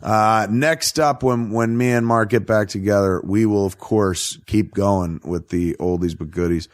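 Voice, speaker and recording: A man hosting a podcast, chatting casually and profanely about a film, rambling and quick to laugh. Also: lowish voice, dry recording. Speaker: podcast host. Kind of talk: casual film review chat.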